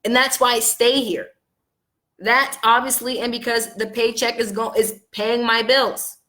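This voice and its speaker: A woman with a high, bright voice vents to her viewers in a casual vlog monologue. She is upset and angry, and her delivery swings between loud outbursts and quiet, low asides. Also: little pitch movement, unhurried. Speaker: vlogger.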